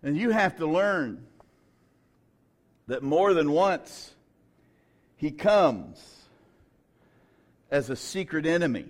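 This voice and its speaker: A male pastor preaching a sermon, moving between quiet storytelling and loud, shouted preaching. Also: a little high, sing-song, takes it slowly, pauses often.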